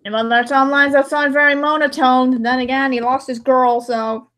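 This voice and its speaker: A woman's voice: high voice, steady tone, moderate pace, fairly bright tone. A young woman chatting casually to her livestream while she edits, talking to herself and laughing often. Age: young adult. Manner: chatty, giggly self-talk with frequent laughs. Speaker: livestreamer editing a dramatic reading. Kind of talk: casual chat while editing.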